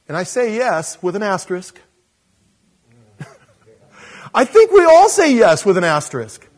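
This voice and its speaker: A man preaching a sermon in an animated, self-deprecating way, chuckling and acting out voices when he quotes people. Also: sits high, unhurried. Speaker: pastor.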